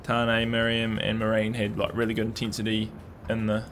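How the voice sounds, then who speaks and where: A man's voice: lowish voice, completely flat delivery, moderate pace, fairly bright tone, a little hiss or hum. A man chatting casually about a race, hesitant and thoughtful with many fillers. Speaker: downhill racing pundit. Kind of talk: casual chat.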